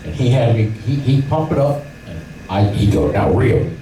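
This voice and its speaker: Medium in pitch and moderate in pace, a middle-aged man tells fishing stories during a club seminar talk. As a fishing guide and lively storyteller, he acts out voices and sounds; he's recorded from far off in an echoey room with noise.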